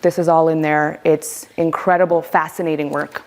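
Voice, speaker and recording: A woman with a slightly low voice leads a voice workshop. She speaks with emphasis, acting out the voices she talks about to make her points. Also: level tone, normal speed, darkish tone. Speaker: workshop leader. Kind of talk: teaching a voice workshop.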